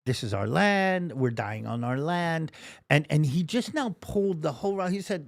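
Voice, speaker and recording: A middle-aged man co-hosts live political commentary with a gravelly, slightly high voice. He talks emphatically and often stammers as he restarts his sentences. His points come with rising force. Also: animated, moderate pace. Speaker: co-host.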